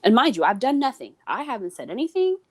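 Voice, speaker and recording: Animated woman telling a story. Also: a little high, quick pace. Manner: animated, acts out quoted voices. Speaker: guest. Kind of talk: casual storytelling chat.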